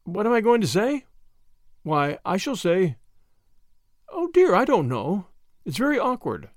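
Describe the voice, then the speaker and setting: Casting: man reading as a lively young woman sleuth, eager and brisk, raised and very lively pitch, dry close sound. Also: no echo, exaggerated voice. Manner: eager, brisk, quick to enthuse. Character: spirited impatient young woman adventurer.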